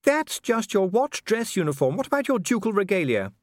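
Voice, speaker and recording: For an audiobook, a man voices a proper, worried middle-aged noblewoman and wife, fussing in a genteel manner. He pitches his voice high, above his own, with a brisk, sing-song delivery, recorded dry with clean studio sound.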